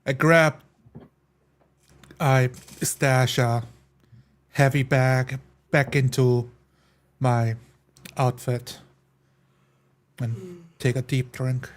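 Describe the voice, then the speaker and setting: A man playing a tabletop game, talking slowly with a middle-pitched voice. He describes his dwarf's actions in a gruff, unhurried way. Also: level tone. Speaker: player. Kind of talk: tabletop role-play.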